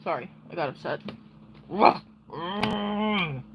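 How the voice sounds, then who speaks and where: A woman's voice: on the low side, lively intonation, slow pace, a little hiss or hum, low-quality recording. A woman livestreamer chatting casually and crudely, giggling and talking to her pet and her viewers.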